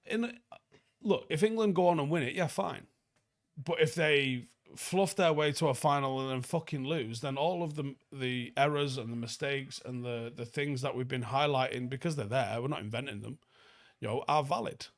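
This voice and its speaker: Manc bloke doing a live footy review, reads out chat n swears a lot, average pitch voice. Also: male voice, normal speed. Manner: blunt, sweary, reads viewer comments aloud and answers them. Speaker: football channel host.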